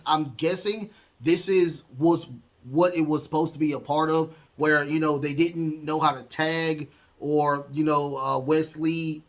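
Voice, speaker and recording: This podcast host recaps wrestling matches in a rambling style, packed with ums and uhs, and acts out the quotes. His voice is a little high with a fairly bright tone.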